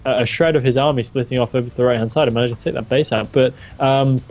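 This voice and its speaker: Fast-talking male game caster. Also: mid-range voice. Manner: excitable, laughs often. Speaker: esports caster. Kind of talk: live game commentary.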